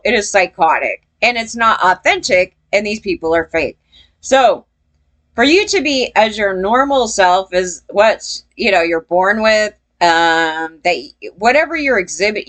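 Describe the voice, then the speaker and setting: A woman's voice: medium pitch, a bit bright. A woman giving casual opinion commentary as a vlogger, blunt and profane, rambling and laughing between points.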